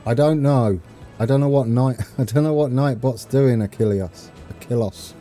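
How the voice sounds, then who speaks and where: A man's voice: mid-range voice, steady tone, moderate pace, warm tone. A man from the UK chatting casually with viewers on a live stream while playing a train game, rambling and chuckling as he reads chat. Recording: faint game music behind.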